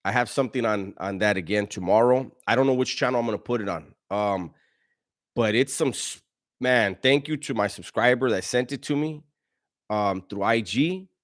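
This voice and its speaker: A man's voice: fairly low pitch, moderate pace. Slangy man hosting a livestream. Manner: slangy, laughs often, stumbles and restarts. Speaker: livestream host reading chat. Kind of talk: casual livestream chat.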